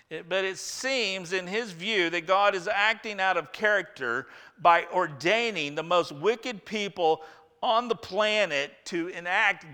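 A man's voice: high-pitched, sharp tone, clean tone, big-room sound. A man preaching a sermon in a casual, conversational way, acting out a prophet's complaint with humor. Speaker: pastor.

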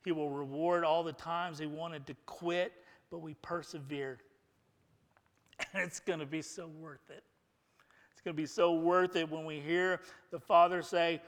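Brief: male pastor, slightly high and very bright voice, emphatic sermon delivery. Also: steady tone, long reverb tail. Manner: emphatic, moving between hushed, slow phrases and loud bursts.

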